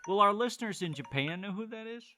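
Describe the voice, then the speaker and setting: Playful American man, lively raised voice. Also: high-pitched, fast, a crowd in the background. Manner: playful, self-mocking banter. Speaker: podcast host. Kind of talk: casual podcast chat.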